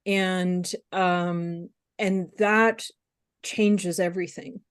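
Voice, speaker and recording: A woman speaking candidly as a webinar guest, halting with fillers and restarts. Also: lowish voice, fairly even intonation, clean tone. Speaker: guest speaker on compassion fatigue. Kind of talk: casual webinar conversation.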